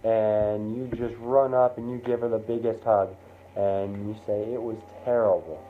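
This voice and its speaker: Animated man telling a motivational story. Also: on the low side, a little slow. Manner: animated, acts out scenes. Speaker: motivational speaker. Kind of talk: second-person motivational storytelling. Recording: tinny phone-like sound, faint noise.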